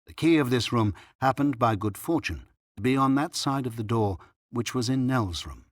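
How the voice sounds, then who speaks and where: A man's voice: mid-range voice, expressive, moderate pace, dry recording. Man reading an audiobook, dry close sound. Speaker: audiobook narrator. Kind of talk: scripted narration.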